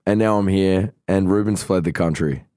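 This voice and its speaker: A man's voice: low-pitched, moderate pace, dark tone, clean tone, no room sound, clean studio sound. A man co-hosting a podcast, chatting casually with joking, self-mocking banter. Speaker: podcast co-host. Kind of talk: casual chat.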